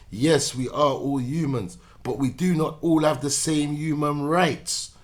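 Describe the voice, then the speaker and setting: A man's voice: a little high, normal speed. Preachy man ranting with repeated "yeah?". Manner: preachy, repetitive, rhetorical "yeah?" checks. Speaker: commentator. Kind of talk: opinion monologue to camera.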